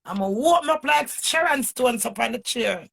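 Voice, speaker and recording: A woman with a Jamaican accent giving a heated, emphatic livestream rant to her viewers, swinging from loud bursts to low mutters. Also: lively intonation, normal speed, vocal fry, husky. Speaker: online personality.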